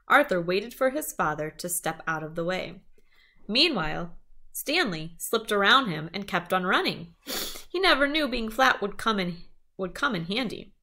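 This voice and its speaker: A woman reading a children's chapter book aloud, with small asides to her listeners. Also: mid-range voice. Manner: lively storytelling, small asides.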